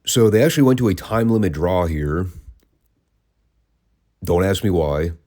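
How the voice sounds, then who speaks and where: A man with a low, dark, mellow voice talks through old wrestling matches in a relaxed, conversational way. He keeps slipping in dry, sarcastic asides. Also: normal speed. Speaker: wrestling podcast host. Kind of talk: casual review commentary.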